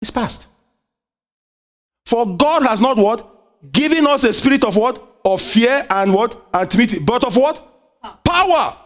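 A man preaches an expressive sermon at a slightly slow pace, leaving long pauses. He works in call-and-response, often asking the congregation "what?" so they finish his sentences. He moves between loud, high exhortation and quiet, low asides.

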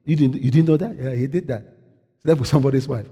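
A man preaching a sermon in an animated way, often asking the congregation a question and answering it himself, his voice a little husky. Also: mid-range voice, fast. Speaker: pastor. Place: church. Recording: long hall reverb.

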